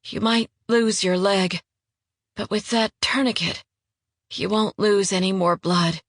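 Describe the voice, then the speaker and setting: A woman voicing a fierce, vengeful young woman fighter who talks low and hard. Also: steady tone, a little slow, no echo, studio quality. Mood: steadying.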